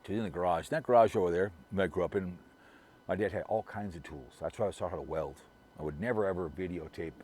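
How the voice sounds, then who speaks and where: A man's voice: low voice, quick pace, darkish tone, breathy edge. A middle-aged man from Minnesota talking to his viewers in a rambling, gossipy way, full of restarts and repeated words. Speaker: vlogger. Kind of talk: casual rambling monologue.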